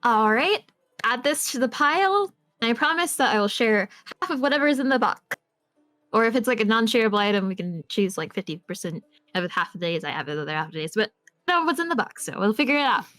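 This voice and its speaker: A woman's voice: fairly high pitch, very animated, quick pace, fairly bright tone, no echo, faint music behind. A woman taking part as a player in a tabletop game, eager and rambling. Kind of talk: casual tabletop play.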